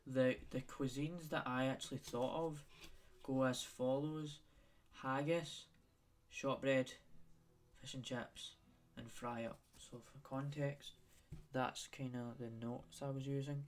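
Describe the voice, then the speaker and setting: A man's voice: medium pitch, fairly even intonation, slow. A young Scottish man hosting a solo podcast, rambling off on tangents and repeating himself as he talks. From Scotland. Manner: rambling, tangent-prone, repetitive. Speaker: podcast host.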